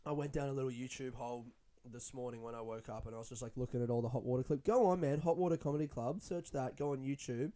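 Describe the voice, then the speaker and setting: A young adult man, a stand-up comedian, rambling in a casual, excitable monologue full of swearing. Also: mid-range voice, fast. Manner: profane, chatty, excitable.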